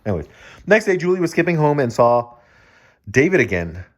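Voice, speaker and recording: A man reads a children's picture book aloud in a slightly high voice with big pitch swings, going a little fast. He breaks off now and then for joking asides to the kids listening.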